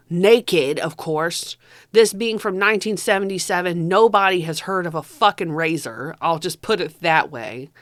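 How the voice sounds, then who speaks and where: A woman's voice: fairly low pitch, no room sound, clean studio sound. A woman giving a casual spoken movie review, chatty and profane, often tossing in "you know".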